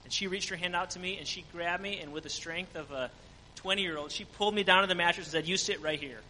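A man's voice: high voice, fast, bright, forceful tone, big-room sound, a little hiss or hum, low-quality recording. A man giving an earnest church testimony about a mission trip, full of fillers. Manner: earnest storytelling with frequent fillers. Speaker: mission trip team member.

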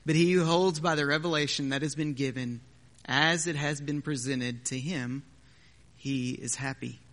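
A man preaches in a church sanctuary, his voice pitched a little high for a man. He keeps it conversational and drops in joking asides between points. A long hall reverb trails behind each phrase. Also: fairly even intonation, moderate pace, fairly bright tone. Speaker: pastor. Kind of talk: sermon.

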